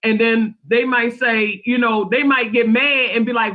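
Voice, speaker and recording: High-pitched male co-host, rambling casual explainer, muffled lo-fi call. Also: fairly even intonation, normal speed. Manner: rambling, repetitive explainer, swears freely. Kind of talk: casual group chat. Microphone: remote call.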